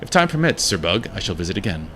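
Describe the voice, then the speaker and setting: A man's voice: deep voice, very animated, fast talker, pushed and bright, slight background noise, full character voice. A man reading the lines of a polite, passive-aggressive female warrior in a game, formal and curt. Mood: cool.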